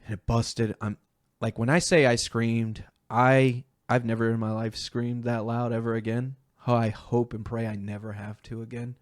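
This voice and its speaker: A young man telling an emotional personal story as a guest, earnest and halting, acting out the voices of the people in it. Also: medium pitch, flat delivery, no room sound, studio quality. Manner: earnest, acts out quoted voices, halting restarts.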